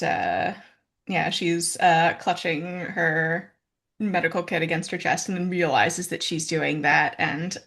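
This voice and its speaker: A woman playing in a tabletop role-playing game, describing her character's actions in a halting way with many fillers. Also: low-pitched, vocal fry. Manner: halting, full of fillers, jumps between narration and bright in-character lines. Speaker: player voicing her character.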